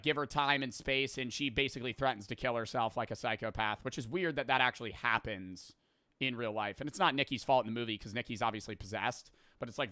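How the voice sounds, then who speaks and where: A man's voice: mid-range voice, bright, forceful tone, no echo, studio quality. A man hosting a podcast, rambling through a profane, casual plot recap full of filler words. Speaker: podcast host. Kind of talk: casual storytelling.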